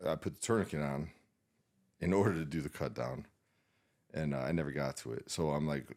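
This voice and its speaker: A man with an extremely deep, gravelly voice recounts a painful memory as a podcast guest. He speaks haltingly and sounds shaken and subdued, restarting his sentences, filling gaps with "you know" and swearing often. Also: darkish tone. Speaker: podcast guest, war veteran. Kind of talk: emotional personal storytelling.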